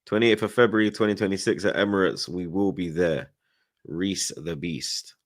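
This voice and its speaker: A man trading brash, loud street-slang banter on a football podcast. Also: deep voice, steady tone, normal speed. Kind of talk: casual chat.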